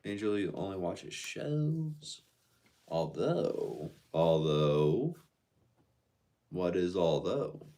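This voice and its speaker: A man's voice: low voice, animated, unhurried, dark tone. A man casually chatting on a live stream, reading out viewer comments and answering them in a laid-back, slangy way.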